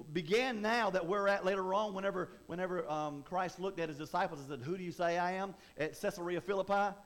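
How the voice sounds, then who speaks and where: A man preaching a sermon in a conversational way, often repeating and restarting words. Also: sits high. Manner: repetitive, stammering restarts, conversational.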